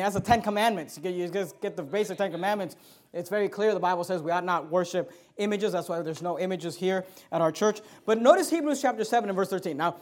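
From the pulpit, a male pastor delivers his sermon in a strikingly high voice. He speaks with emphasis but keeps it conversational, frequently starting sentences over while working toward his point.

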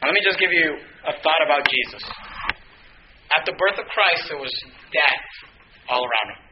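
A man's voice: a little high, lively intonation, normal speed, roomy sound, lo-fi sound, background noise. A man preaching a sermon as pastor, emphatic and repetitive, with many rhetorical questions to the congregation.

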